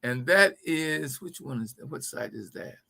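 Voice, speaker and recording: A man's voice: mid-range voice, lively intonation, unhurried, vocal fry, pushed and bright. A man hosting a live-streamed political talk, speaking emphatically to his viewers, often repeating words as he builds his point. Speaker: livestream show host.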